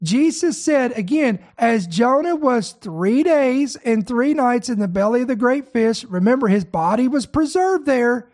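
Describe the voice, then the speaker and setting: A man preaching a sermon, reading scripture aloud and breaking in to address his listeners directly, slowing down to stress key words. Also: very high voice, animated, a little mellow. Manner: slows to stress key words, then speeds up.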